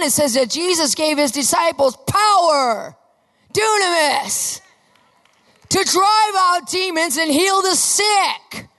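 A woman preaching a sermon with fervor, often rising to emphatic shouts. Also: sits high. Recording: long reverb of a large hall.

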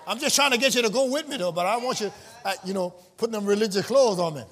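A man preaching a sermon to a live congregation, calling out questions, teasing the listeners and rising into shouts. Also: high voice, quick pace, few pauses. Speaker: pastor. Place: church before a live congregation.

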